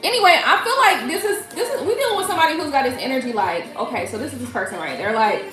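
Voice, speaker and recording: A middle-aged woman hosting a casual live tarot reading, chatting loudly with viewers, laughing often and swearing freely. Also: high-pitched, animated, fast. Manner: loud, laughing, profane and chatty, greets viewers. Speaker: tarot reader livestream host. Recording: echoey room with faint music.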